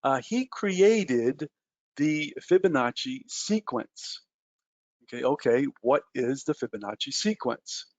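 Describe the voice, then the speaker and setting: A man's voice: medium pitch, big pitch swings, slow, no room sound, highs cut off. A man teaching a trading webinar at a whiteboard, talking loosely with lots of ums and uhs and self-mocking jokes.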